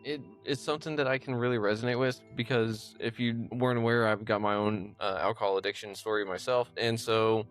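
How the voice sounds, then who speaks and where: A man hosting a casual interview podcast, relaxed and affirming, chuckling often. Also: fairly low pitch, fairly quick, few pauses, soft background music. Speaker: podcast host.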